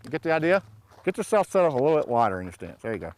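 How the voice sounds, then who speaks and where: A man's voice: medium pitch, very animated, rapid-fire, very noisy. A middle-aged man coaching young shooters at an outdoor range, joking with them and calling out drill commands.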